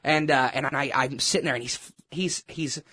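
A man telling a personal story in a casual, animated, self-mocking way, with lots of restarts. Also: medium pitch, moderate pace, slightly rough. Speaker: churchgoer sharing a testimony.

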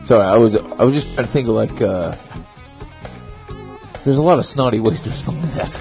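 A man's voice: mid-range voice, a little fast, gravelly, darkish tone, soft background music. A man co-hosting a casual podcast who thinks aloud, restarting his sentences as he goes. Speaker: podcast co-host.

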